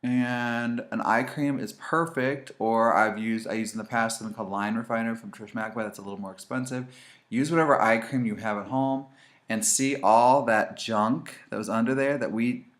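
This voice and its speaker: His voice is lowish and a little fast as he chats animatedly through a casual makeup tutorial, speaking directly to the audience while demonstrating.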